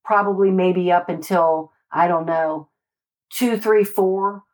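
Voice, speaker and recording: Animated woman detective telling stories. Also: lowish voice, takes it slowly. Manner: animated, emphatic, swears, peppers speech with "right?" and "like". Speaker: homicide detective and former street officer. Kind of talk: casual storytelling in conversation.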